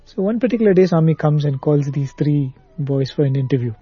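A man's voice: on the high side, fairly quick, husky, no echo, lo-fi sound, faint music behind. A man telling a devotional story in a conversation, acting out the lines he quotes. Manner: animated storyteller, acts out quoted speech. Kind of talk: storytelling in a spiritual talk.

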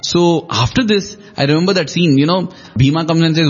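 Husky man telling a devotional story. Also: a little high, a little fast, hardly any pauses, dull audio. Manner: reflective storytelling, acts out quoted lines with shifting emphasis. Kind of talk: devotional discussion.

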